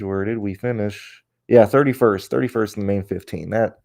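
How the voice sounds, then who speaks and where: Low-voiced man venting on a stream. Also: fairly even intonation, normal speed, creaky, a little mellow. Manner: rambling and profane, with many restarts; frustrated and venting. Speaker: host. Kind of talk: casual livestream chat.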